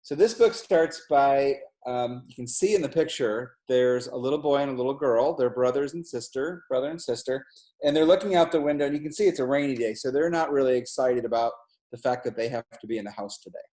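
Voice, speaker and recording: A middle-aged man, a college president, reads a picture book aloud to children, explaining the pictures in a slow and gentle way. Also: medium pitch. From New Jersey, US. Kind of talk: read-aloud storytime. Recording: echoey room.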